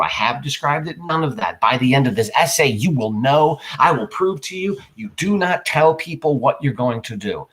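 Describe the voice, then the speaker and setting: A male teacher giving a writing lesson in an animated way, acting out small examples for his students. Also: medium pitch. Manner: animated, playfully acts out examples.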